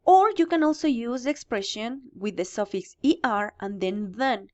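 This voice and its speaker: A woman's voice: fairly high pitch, animated, moderate pace, dark tone, dull audio. A woman teaching English grammar in a recorded lesson, explaining step by step and answering her own questions.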